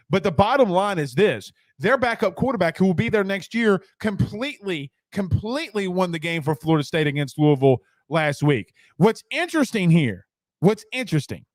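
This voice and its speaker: A man's voice: high-pitched, no room sound, clean studio sound. A man hosting a casual sports talk show, joking and rambling through viewer comments and repeating lines for emphasis.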